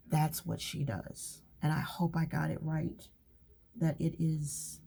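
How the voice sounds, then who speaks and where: Low gravelly woman, chatty and hushed. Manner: chatty, rambling, often drops to a whisper. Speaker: craft channel host. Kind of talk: relaxed journaling chat.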